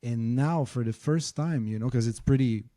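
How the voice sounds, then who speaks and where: A man with a relaxed, dark-toned voice sits in as a podcast guest. He talks in a lively, unfiltered way, often repeating himself mid-thought and dropping a few swear words. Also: mid-range voice, normal speed. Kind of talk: candid conversational storytelling.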